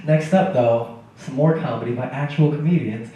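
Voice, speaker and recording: A man's voice: medium pitch, normal speed, highs cut off. A man hosting a comedy night, bantering with the crowd in a self-mocking way. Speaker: comedy show host. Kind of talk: stand-up emceeing. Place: comedy club stage. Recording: echoey club taped from far off, audible crowd.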